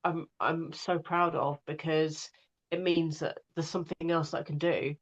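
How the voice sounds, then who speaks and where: A woman's voice: deep voice, little pitch movement, normal speed, muffled recording. A woman, an audiobook narrator, chatting in an interview and talking with many fillers and restarts. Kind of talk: casual interview chat.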